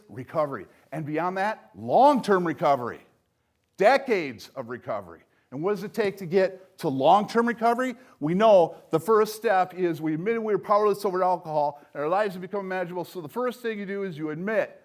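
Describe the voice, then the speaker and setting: An older man giving a motivational speech, emphatic, with loud punchy lines that drop to soft, low asides. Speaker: speaker at a recovery event.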